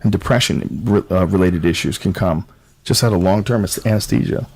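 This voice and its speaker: A man's voice: deep voice, a little fast, vocal fry, darkish tone, breathy edge. A man in casual podcast chat, explaining things in a matter-of-fact way.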